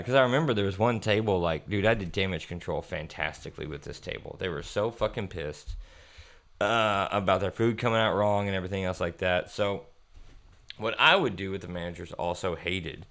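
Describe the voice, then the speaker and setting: A young man hosting a podcast, telling work stories in a profane, animated way and laughing often. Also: on the low side, normal speed. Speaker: podcast host. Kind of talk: casual storytelling chat.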